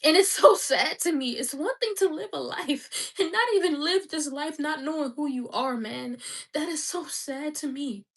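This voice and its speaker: A woman's voice: high-pitched, normal speed, far from the mic. A woman giving an emotional, preachy faith monologue, repeating her exhortations with passion and at times crying. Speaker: vlogger.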